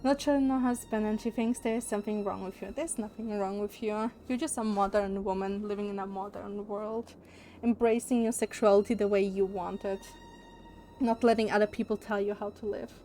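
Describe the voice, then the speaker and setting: A woman's voice: mid-range voice, steady tone, normal speed, warm tone, faint music behind. A young woman streamer chatting casually and candidly, opinionated and swearing freely. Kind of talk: casual livestream chat.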